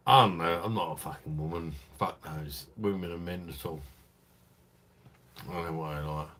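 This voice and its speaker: A man's voice: low voice, moderate pace, fairly bright tone, a little hiss or hum. A tipsy man hosting a late-night live stream, talking in crude, rambling, affectionate chat to his viewers.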